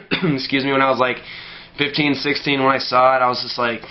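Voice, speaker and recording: A man's voice: medium pitch, level tone, moderate pace, lo-fi sound. A man ranting casually about a film, rambling with lots of fillers and heavy swearing. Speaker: movie ranter.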